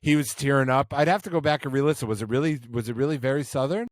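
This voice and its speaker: A man's voice: medium pitch, fast, dry recording. Teasing male podcast co-host. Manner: dry, teasing quips. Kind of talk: casual sports chat.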